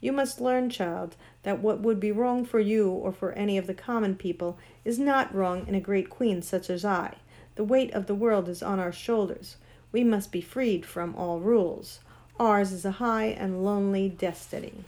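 An imperious ancient queen of sorcery speaks, voiced by a woman reading a storybook aloud. Her voice is grand, cold and commanding, with a pitch that sits at an ordinary middle height. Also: normal speed, a little mellow, close to an everyday voice.

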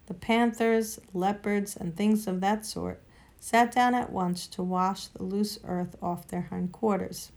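A woman reading a children's storybook aloud, with an expressive, lively delivery. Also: medium pitch, takes it slowly.

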